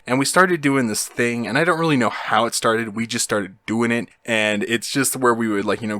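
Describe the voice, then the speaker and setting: A young man tells a story in an easygoing, rambling way, full of fillers. His voice sits a little low. The recording is close and dry, with no room sound. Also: fairly bright tone, dry recording. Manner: rambling, laid-back, lots of fillers. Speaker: YouTube host. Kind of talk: casual storytelling.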